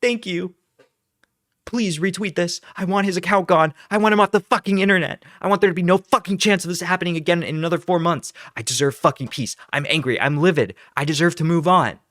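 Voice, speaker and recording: Man mocking a shrill whiny young woman. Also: brisk, a bit bright, dry recording, studio quality. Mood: whiny demanding. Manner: exaggerated, demanding, sarcastic mimicry.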